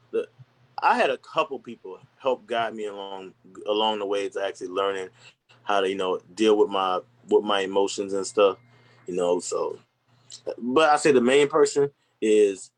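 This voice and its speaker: A man speaking candidly and earnestly in casual conversation, rambling with restarts and slang. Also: lowish voice. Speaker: podcast guest.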